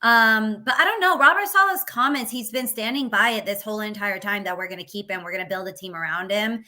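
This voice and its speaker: A woman's voice: medium pitch, brisk, sharp tone. A woman co-hosting a casual sports talk show, thinking aloud with hesitant fillers. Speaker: co-host.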